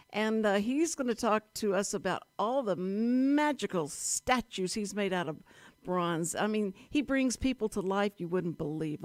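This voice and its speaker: A woman hosting a live community radio talk show, bubbly and gushing with quick asides. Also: medium pitch, dry recording.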